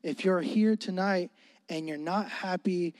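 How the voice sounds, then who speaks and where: A young man preaching a sermon as pastor, animated and joking, calling for responses from the congregation. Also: high-pitched, unhurried, no echo, long reverb tail.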